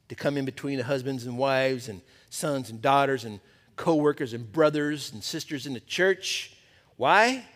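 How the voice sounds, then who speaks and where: A pastor preaching to a men's Bible study, animated and throwing questions to the group. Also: male voice, medium pitch, long reverb tail.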